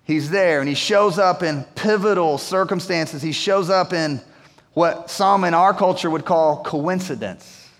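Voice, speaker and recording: A man's voice: high-pitched, measured pace, big-room sound. A man preaching a sermon, retelling a story in a casual, slangy way. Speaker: pastor.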